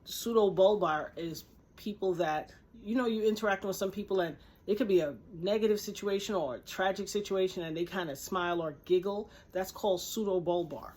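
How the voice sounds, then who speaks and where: Husky earnest woman telling a story to camera. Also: mid-range voice, fairly quick, a little mellow. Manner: earnest and emphatic, acts out quoted voices. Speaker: vlogger. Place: indoors, speaking to camera.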